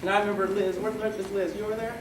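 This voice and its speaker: Man, middle-aged, wedding toast, rambling, joking, halting, distant mic, echoey hall, crowd noise. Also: high-pitched, little pitch movement.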